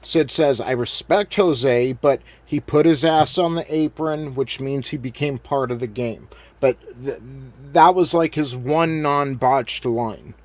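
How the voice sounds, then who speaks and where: Male podcast host, casual wrestling recap, rambling, fillers, mid-pitched voice. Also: a little slow, few pauses, darkish tone.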